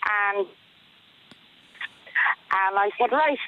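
A woman calls a radio phone-in over a thin, tinny phone line. She recounts her story in a matter-of-fact, indignant way, her voice at a middle pitch. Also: very slow. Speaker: caller.

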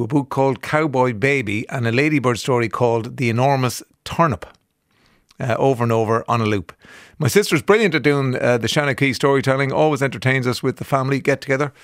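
An Irish man talks through a radio show in an easygoing, chatty way. His voice sits at an ordinary middle pitch. He sounds enthusiastic and wanders into fillers and restarts, close on a studio mic in a dry, dead room. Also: no echo. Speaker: radio host. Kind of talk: casual radio chat. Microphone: studio microphone.

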